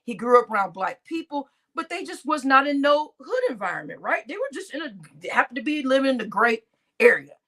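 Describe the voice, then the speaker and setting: High, lively woman vlogger. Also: a little fast. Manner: animated, slangy storytelling with frequent laughter. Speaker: vlogger reacting to news. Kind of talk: casual commentary.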